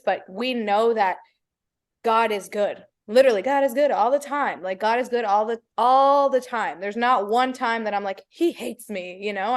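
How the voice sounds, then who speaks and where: A woman hosting a podcast, talking casually and expressively with playful asides. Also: medium pitch. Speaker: podcast host. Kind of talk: casual spiritual chat.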